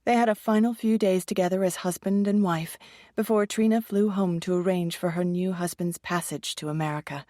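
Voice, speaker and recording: A woman narrates a thriller audiobook in an even, measured storytelling voice that sits on the low side. It's scripted narration with a dry, clean studio sound.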